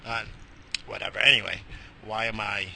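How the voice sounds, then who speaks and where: A man's voice: on the low side, little pitch movement, normal speed, vocal fry, sharp tone, slight background noise. A middle-aged man hosting an internet radio show, rambling alone in a goofy, profane, self-mocking way. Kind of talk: rambling solo monologue.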